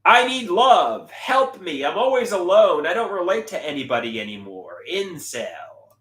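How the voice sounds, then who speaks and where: A man on a livestream showing his artwork, talking in a dramatic, halting way. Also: sits high, sing-song, a bit bright. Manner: dramatic, halting, shifting voices. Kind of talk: livestream chat. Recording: roomy echo.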